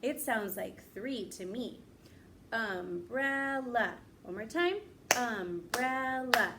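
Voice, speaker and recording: A woman teaching young children, slowly stretching out words and encouraging them to repeat. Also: on the high side, sing-song, a little hiss or hum. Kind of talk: classroom lesson for young children.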